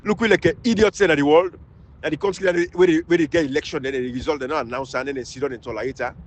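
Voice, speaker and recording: Sierra leonean guy ranting about politics, krio accent, pretty high voice, yells then mutters. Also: fast, no room sound, rough recording. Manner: fiery, scolding, repetitive, swings between loud outbursts and low mutters. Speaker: political commentator. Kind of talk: impassioned political rant.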